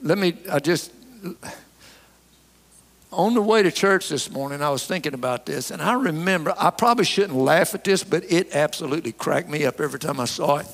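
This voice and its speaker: A man's voice: a little high, expressive, fairly quick, vocal fry. A man preaching a sermon, folksy and emphatic as he tells a story. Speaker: pastor. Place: church sanctuary. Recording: long hall reverb.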